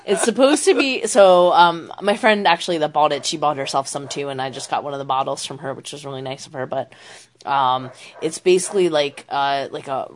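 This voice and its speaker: A woman's voice: sits low, fairly quick. A woman co-hosting a podcast in casual chat, talking easily with lots of "um" fillers. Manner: chatty, many "um" fillers, laughs easily. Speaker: podcast co-host.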